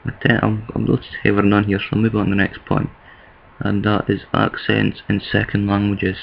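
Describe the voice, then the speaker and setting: A low-voiced Scottish man talks straight to camera in a loose, rambling vlog, his tone flat and gravelly as he thinks aloud and restarts his sentences. The recording is dull and lo-fi. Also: normal speed, pauses often, slight background noise. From east of Scotland. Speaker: vlogger. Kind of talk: casual talking-to-camera vlog.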